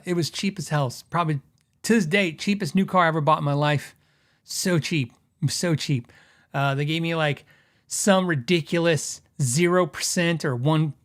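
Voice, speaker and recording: A middle-aged man with a somewhat high voice tells stories in a loose, rambling way. He acts out quoted back-and-forth dialogue and keeps the tone casual and chatty, like a podcast host. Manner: rambling, animated anecdotes with laughs and quoted dialogue. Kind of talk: casual storytelling.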